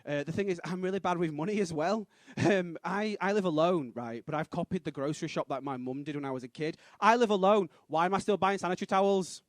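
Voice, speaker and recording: Young stand-up, high bouncy voice, dry close mic, punchy delivery. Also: male voice, fast talker, hardly any pauses, no echo. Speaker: stand-up comedian. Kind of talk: stand-up set. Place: comedy club stage.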